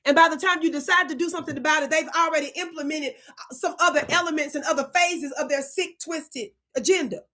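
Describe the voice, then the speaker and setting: A woman hosts her own channel in a high, steady voice, speaking fairly quickly with a sharp edge. Her fiery, preachy commentary scolds viewers, drawing words out for emphasis and repeatedly asking whether they're listening.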